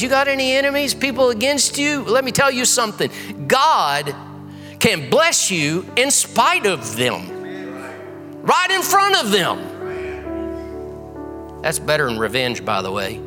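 A man's voice: sits high, very animated, measured pace, sharp tone. A man preaching a sermon as pastor, reading scripture aloud in an earnest way, in a large church. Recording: echoey hall with faint music.

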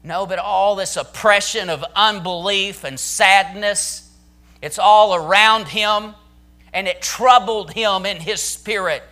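A man's voice: sits high, slow pace, sharp tone. A man pastor preaching a sermon to his church, building to emphatic, intense declarations.

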